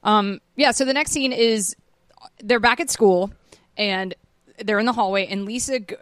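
A woman's voice: medium pitch, clean tone, no room sound. A woman in her thirties hosting a podcast, chatting casually and animatedly about a TV episode, swearing freely. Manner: animated, swearing, quick laughs. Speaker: podcast host. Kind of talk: casual chat recapping a TV episode.

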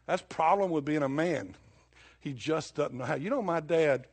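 A man's voice: on the high side, normal speed, husky. An older man preaching a sermon in a folksy, conversational way, telling stories with sudden bursts of emphasis.

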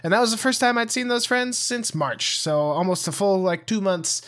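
A man co-hosting a podcast in casual chat, animated, laughing often and swearing freely. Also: sits high, normal speed. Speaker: podcast co-host.

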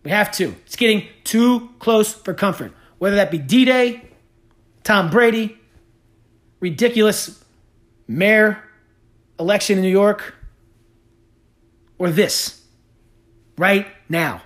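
A man's voice: sits high, takes it slowly, long pauses, a bit bright. Male podcast host; angry, sarcastic rant peppered with swearing. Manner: heated, profane, sarcastic. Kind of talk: ranting podcast monologue.

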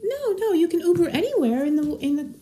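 A woman's voice: extremely high pitch, big pitch swings, a little fast, mellow. A woman as guest in a casual vlog chat, dry and blunt.

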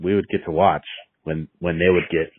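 A man's voice: sits low, little pitch movement, normal speed, slight background noise. A young man casually telling a story with heavy swearing, rambling and restarting his sentences, heard over a dry, tinny, phone-like recording.

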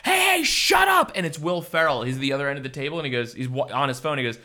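A man, a teacher and podcast guest, chatting casually and telling animated stories, acting out quoted voices and swearing freely. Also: mid-range voice, very fast. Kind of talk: casual chat.

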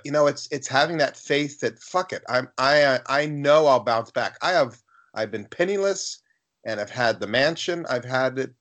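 A man's voice: medium pitch, fairly bright tone. A man co-hosting a podcast in casual chat, blunt and profane, telling anecdotes. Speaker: podcast co-host.

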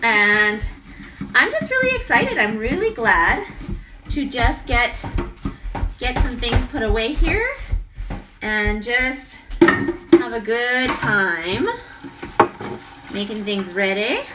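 A woman's voice: a little high, takes it slowly, long pauses, recorded from a distance, very noisy. A woman in her thirties talking casually about her day as a mother, rambling with many fillers, at home in her kitchen. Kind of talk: casual vlog monologue. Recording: home recording a bit away from the mic, loud kitchen clatter. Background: dishes and cutlery clattering.

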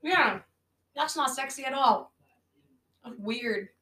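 A woman's voice: lively intonation, slow pace, pushed and bright. A woman co-hosting a casual podcast, reacting bluntly and swearing freely as they mock a movie. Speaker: podcast co-host. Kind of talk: casual movie-riffing chat. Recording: echoey low-quality room audio.

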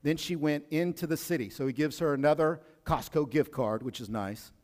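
A man's voice: on the high side, moderate pace, long reverb tail. A male pastor preaching a sermon in a casual, slangy way, sometimes acting out the people he talks about.

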